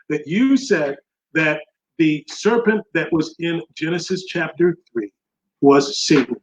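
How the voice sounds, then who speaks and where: A man's voice: fairly high pitch, animated, unhurried, roomy sound, lo-fi sound. A man in a heated religious debate who keeps saying "bro" and tries to steer the talk back to his argument.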